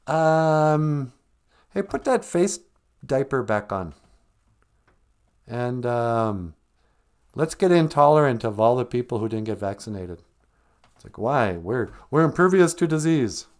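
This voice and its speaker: A man hosting a comedy podcast, ranting in a sarcastic, mocking way. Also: medium pitch. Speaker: podcast host. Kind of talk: satirical comedy rant.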